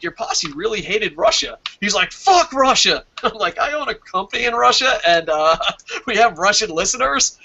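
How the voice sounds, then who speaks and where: A man with a bright, forceful, fairly high voice hosts a loose wrestling review stream. He swears freely, reads out viewer comments and laughs at his own jokes. The audio is dull and lo-fi. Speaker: wrestling show host.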